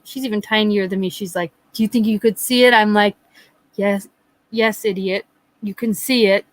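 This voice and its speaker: Middle-aged woman live-stream host, rambling anecdotal chatter with acted-out quotes, mid-pitched, dry close recording. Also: fairly bright tone, no echo, poor audio. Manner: rambling storyteller, acts out quotes, frequent laughs. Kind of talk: casual chat with live chat viewers.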